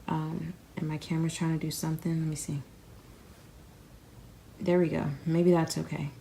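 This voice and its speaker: A young woman with a low, flat, gravelly voice talks to her viewers from bed. She is unwell and a little out of breath, rambling casually into a camera resting on the bed, with faint noise behind her. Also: normal speed. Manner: rambling, addresses viewers as y'all. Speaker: crystal vlogger. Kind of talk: casual chatty vlog. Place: in bed in a bedroom. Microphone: camera sitting on the bed beside her.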